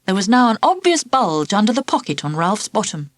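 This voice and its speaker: Lively woman narrating a children's storybook. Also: medium pitch, brisk, a little hiss or hum. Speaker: audiobook narrator.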